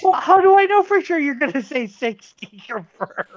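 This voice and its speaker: A man's voice: very high-pitched, sing-song, normal speed, no echo. Jokey man auctioneer on a lo-fi mic. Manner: jokey, laughs between calls for bids. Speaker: auction host. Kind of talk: livestream auctioneering. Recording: dull lo-fi mic with faint noise.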